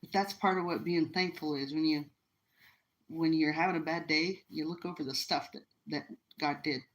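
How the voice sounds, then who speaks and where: A woman's voice: sits low, fairly even intonation, moderate pace, poor audio. A middle-aged woman from the United States, hosting a live stream at home by the fire and telling a personal story in a casual, earnest, emotional way with many restarts. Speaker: livestream host.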